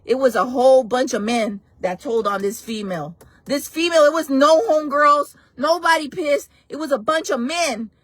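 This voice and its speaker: Sassy high-voiced woman live-streaming. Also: normal speed, few pauses, a bit bright, dry recording. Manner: sassy, blunt, calls viewers "friends" and "baby". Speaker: host of a local gossip news live stream. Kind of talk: casual live-stream chat.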